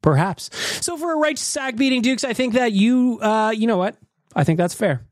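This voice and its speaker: A man's voice: very high voice, animated, moderate pace, dry recording, studio quality. A man from North America hosting a podcast, joking and theatrical. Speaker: podcast host. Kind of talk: casual podcast chat.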